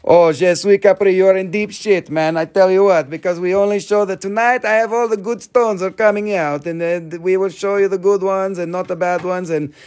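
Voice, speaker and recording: A man's voice: high voice, brisk, few pauses. A man hosting a live rock sales stream, joking and rambling in playful sales patter.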